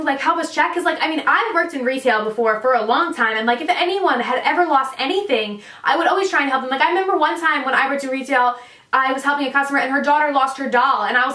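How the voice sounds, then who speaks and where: A young woman tells a story in a chatty vlog style, filling her talk with casual fillers. Her voice sits a little high. She sounds set back from the mic in a roomy, echoing space. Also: pushed and bright. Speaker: vlogger. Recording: echoey room, distant mic.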